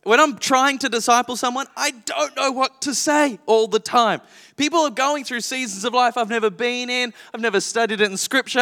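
A man in his thirties preaching a sermon, telling stories in a lively, frank and self-deprecating way. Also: extremely high pitch. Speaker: pastor. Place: church auditorium. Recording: long reverb of a church hall.

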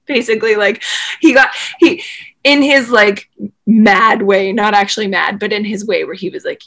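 A woman talks through an old memory in a loose, animated way. She rambles and fills gaps with "like." Her pitch sits in the middle of the range. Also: measured pace. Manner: animated, rambling, frequent "like" fillers. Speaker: interview guest, former swimmer. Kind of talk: casual storytelling in conversation.

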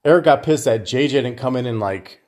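A man's voice: mid-range voice, a little fast, a little mellow. A man on a casual podcast telling a fight story with lots of swearing and laughter. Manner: profane storytelling, laughing through anecdotes. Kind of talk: casual chat.

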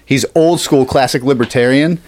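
A male podcast host talking in a loose, casual way at an ordinary pitch. He curses freely and drops into little acted-out quotes as he goes. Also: normal speed, darkish tone. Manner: loose and profane, acts out quotes.

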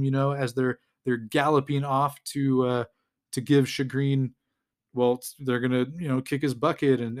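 A man with a medium-pitched voice hosts a podcast, casually recapping a comic book. He rambles, chuckles and acts out the dialogue.

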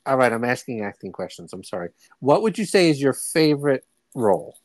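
Male podcast host, wry quips, middle pitch, dry close sound. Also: big pitch swings, fairly quick, no room sound. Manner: jokey asides, asks questions. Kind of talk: casual podcast interview.

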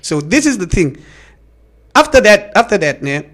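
Man, namibian accent, comedian, animated storyteller, slightly high voice. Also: moderate pace. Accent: Namibian English. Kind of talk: casual podcast chat.

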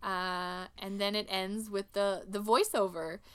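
A woman's voice: mid-range voice, flat delivery, unhurried, clean tone. A woman co-hosting a casual podcast, chattily retelling a movie's scenes and acting out the characters' lines. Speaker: podcast co-host. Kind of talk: casual movie recap chat.

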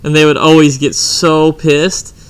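A man's voice: fairly high pitch, flat delivery, unhurried, smooth. A young man in casual chat, telling crude prank-call stories with a joking, profane manner. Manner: crude, joking storyteller who acts out phone calls.

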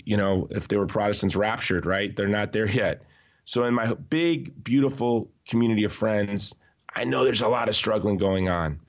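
A man talking as a podcast guest in an emphatic, animated way, often restarting his sentences. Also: fairly low pitch. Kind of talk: conversational podcast interview. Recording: slightly dull, lo-fi audio.

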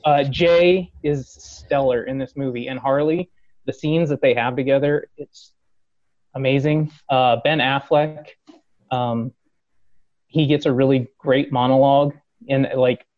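A man's voice: measured pace, no room sound, highs cut off. A man hosting a podcast, telling a fan story in casual chat, acting out quotes, laughing and swearing. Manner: animated, acts out quotes with rising pitch, swears, laughs. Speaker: podcast host.

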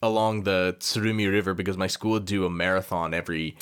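A man's voice: sits low, steady tone, quick pace, fairly bright tone, clear, resonant tone. A man chatting casually as a podcast co-host, laid-back and wry. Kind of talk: casual chat.

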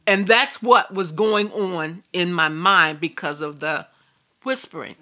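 A woman's voice: fairly low pitch, measured pace, bright, forceful tone. A woman preacher telling a personal story in a sermon, emphatic and repetitive. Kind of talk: sermon testimony.

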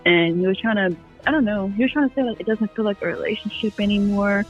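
A woman's voice: mid-range voice, fast, breathy edge, highs cut off, soft background music. A young adult woman, a podcast guest, telling a long personal story in casual chat, full of "like"s and quoted asides. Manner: rambling storyteller, many "like"s.

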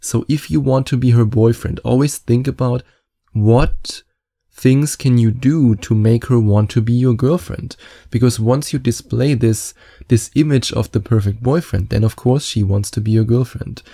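A man's voice: mid-range voice, moderate pace, vocal fry, warm tone. A man speaking as a dating coach in a confident, candid and chatty advice monologue, with self-mocking asides.

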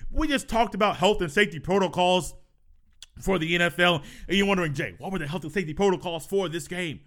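A man's voice: high-pitched, fast talker, a bit bright. A man hosting a solo sports podcast who tells stories in a casual, chatty way, laughing and repeating himself. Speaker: podcast host.

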